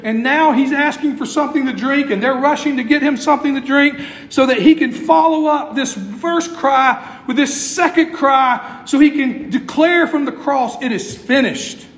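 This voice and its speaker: High-voiced preacher in an echoey hall. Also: male voice. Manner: preaching with building intensity and long pauses. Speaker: pastor. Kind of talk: sermon.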